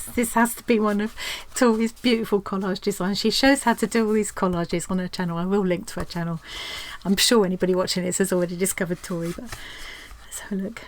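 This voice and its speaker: A woman hosting a craft channel, chatting casually and excitedly as she opens mail in her craft room. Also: medium pitch, fast, a little hiss or hum. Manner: chatty and excitable, gasping and laughing often. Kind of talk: casual chat while unboxing mail.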